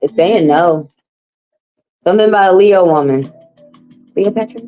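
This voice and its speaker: A woman's voice: normal speed, mellow, faint music behind, poor audio. Chatty, profane woman reading cards. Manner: loose, profane, chatty, talks straight to viewers; jumps up high in pitch when reacting. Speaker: livestream card reader. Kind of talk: casual livestream tarot reading.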